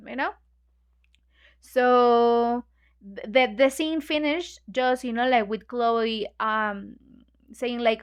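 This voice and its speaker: A woman with a high voice leads an English book club, talking the class through a novel. Her first language is Spanish. She is chatty and full of fillers, and she acts out what the characters say. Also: takes it slowly, clean tone. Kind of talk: explaining a novel to English learners.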